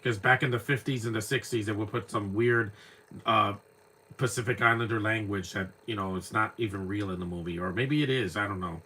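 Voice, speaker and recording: A young man talks through an old film in a loose, rambling way, often stumbling over repeated words as he hunts for a name. His voice is husky with a bright, forward edge and sits fairly low. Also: a little fast. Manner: rambling, repeats words while searching for names. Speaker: movie commentator. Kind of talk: casual live movie commentary.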